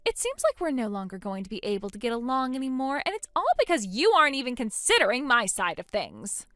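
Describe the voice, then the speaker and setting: A woman's voice: a little high, very animated, fast talker, pushed and bright, no echo, clean studio sound. A woman voicing a selfish young mother who dismisses her own baby, in scripted dialogue. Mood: scornful. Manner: scornful, dismissive, sneering. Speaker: voice actor in a text-story drama.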